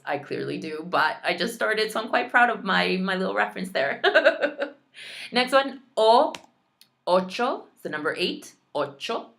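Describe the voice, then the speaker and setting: A woman with a low voice teaches an online Spanish lesson, carefully pronouncing practice words and tossing in chatty, playful asides.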